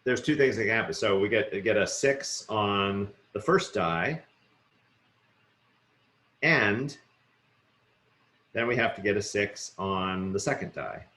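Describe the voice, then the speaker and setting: Middle-aged guy lecturing, quick and chatty, says "right?" a lot, lowish voice in an echoey room. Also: bright, forceful tone. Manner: quick, conversational, many fillers and rhetorical "right?". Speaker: university genetics lecturer. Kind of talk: recorded lecture.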